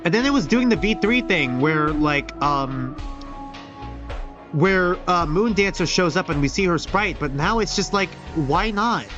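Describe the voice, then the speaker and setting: Man, casual gameplay commentary, joking, thinking aloud, slightly high voice, faint music. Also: animated, unhurried, dull audio. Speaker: streamer. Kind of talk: live gameplay commentary and reading. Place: outdoors, quiet.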